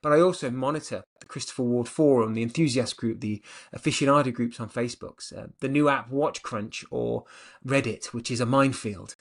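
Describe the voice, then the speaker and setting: A middle-aged man talking with eager, rambling energy in a relaxed interview. His voice sits in an ordinary middle pitch, and his answers pile up in long, excited runs. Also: brisk. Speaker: watch brand director.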